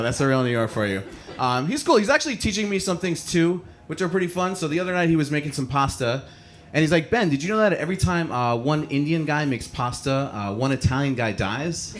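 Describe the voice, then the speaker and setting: A man hosting a stand-up comedy show, telling stories to a live audience with lots of chatty fillers and laughs at his own jokes. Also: medium pitch. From American suburbs. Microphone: handheld microphone.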